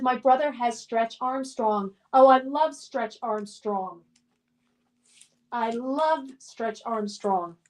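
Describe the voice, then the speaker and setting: A middle-aged woman hosting a live stream. She reads viewer comments aloud and chats back in a nostalgic, upbeat way, with frequent fillers. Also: sits high. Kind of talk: casual live-stream chat.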